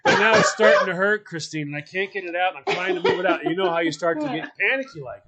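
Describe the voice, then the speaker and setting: A man with a somewhat high voice tells a comic story on a podcast. He acts out the quotes and laughs as he goes. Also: quick pace, a loud crowd. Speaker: podcast host. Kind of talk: casual storytelling.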